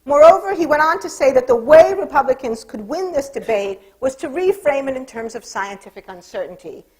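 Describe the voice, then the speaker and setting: A woman delivers a lecture in a measured, steady voice, pitched a little higher than most. She drops dry, wry asides as she goes. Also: poor audio. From California, United States. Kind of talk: public lecture.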